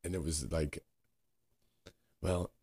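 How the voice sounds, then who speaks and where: A man co-hosting a podcast, talking earnestly and haltingly, searching for words and swearing now and then. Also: rumbling low, fairly even intonation, a little mellow, husky. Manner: frequent swearing. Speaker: podcast co-host. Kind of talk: candid reflective conversation.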